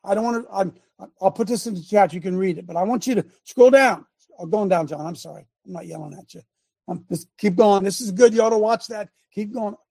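A man's voice: high voice, fairly quick, creaky, mellow, dry recording. A man hosting a live show, talking emphatically like a preacher and calling out instructions to his producer. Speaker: host.

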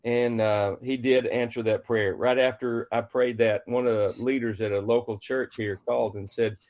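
A man's voice: mid-range voice, normal speed. Middle-aged male guest, folksy storyteller, mid-range voice, acts out the dialogue. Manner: folksy and animated, acting out quoted dialogue. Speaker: author and guest. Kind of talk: conversational storytelling.

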